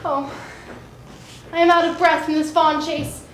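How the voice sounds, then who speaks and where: A scorned young woman pleads in high, plaintive tones, played by a woman. The room is echoey, with faint background noise. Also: flat delivery, a little slow. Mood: pleading. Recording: echoey stage recording.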